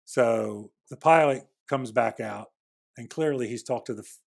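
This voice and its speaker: A middle-aged former security agent, guesting on a podcast, spins a long, casual anecdote at a measured pace. His medium-pitched voice is creaky, and he keeps restarting sentences and acting out bits of dialogue.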